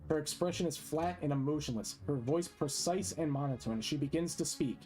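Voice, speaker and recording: A man's voice: fairly high pitch, a little fast, a little mellow, faint music behind. A man hosting a casual stream, reading a role-play debate aloud with amused asides as moderator.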